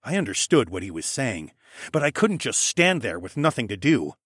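A man narrating a first-person fantasy audiobook with a lively, storytelling delivery. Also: medium pitch, normal speed, breathy edge, no room sound, clean studio sound.

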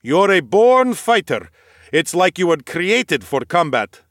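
A man's voice: high voice, very animated, slow, fairly bright tone, dry recording, clean studio sound, voice pushed up, exaggerated voice. A man voicing a cheerful, battle-hungry noble knight. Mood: eager, courtly. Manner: courtly, formal, eager. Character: cheerful battle-loving male noble warrior. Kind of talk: audiobook character voice.

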